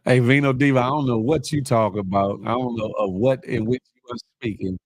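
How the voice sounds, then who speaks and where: A man hosting a casual live morning show, chatting with viewers, laughing often and animated as he reads their comments. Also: medium pitch, fairly quick, no echo, poor audio. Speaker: livestream morning show host.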